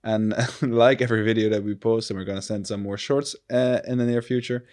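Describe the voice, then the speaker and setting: A young man from the Netherlands, co-hosting a comedy podcast in loose, rambling chat. His voice sits fairly low. He jokes around and keeps restarting his sentences. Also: steady tone, a little fast, darkish tone. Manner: rambling, self-correcting, joking. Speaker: podcast co-host.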